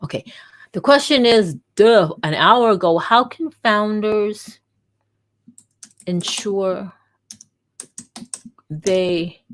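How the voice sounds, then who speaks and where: A woman's voice: medium pitch, drawn-out words, pauses often. A woman hosting a casual livestream, rambling and jokey, often cutting herself off, with keyboard typing behind her. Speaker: vlogger and livestream host.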